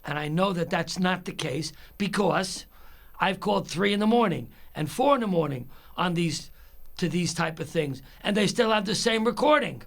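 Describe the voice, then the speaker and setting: Man, high gravelly voice, aggravated rant, plays both sides of a phone call. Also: animated, normal speed, fairly bright tone. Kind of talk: angry storytelling monologue.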